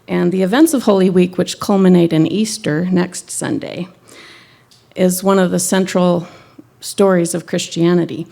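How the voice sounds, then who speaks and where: Woman minister doing a sermon, low voice, lots of vocal fry, chatty and a bit wry. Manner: conversational, gently wry.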